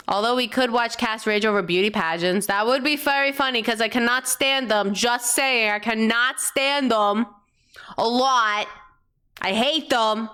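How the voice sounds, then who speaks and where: Woman streamer, smooth clear voice, rambling casual reaction chat, swears offhand, excitable bursts. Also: on the high side.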